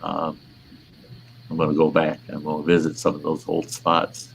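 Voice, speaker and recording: A man's voice: rumbling low, completely flat delivery, normal speed, gravelly, slight background noise, rough recording. An older man hosting a casual livestream chat, telling stories in a blunt, profane way. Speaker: host.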